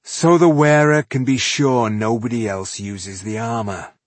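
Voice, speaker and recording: A man voicing a bad-tempered one-eyed male dwarf warrior who snaps impatiently, with a husky voice. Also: medium pitch, expressive, unhurried, no room sound, pitched above the performer's own voice. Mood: cross. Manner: impatient, grumbling, snappish.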